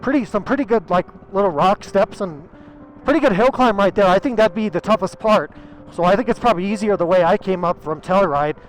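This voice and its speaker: In a rough recording, a high-voiced man talks fairly quickly while vlogging his motorcycle ride over a mountain pass outdoors. He narrates casually and excitably, exclaiming with open emotion.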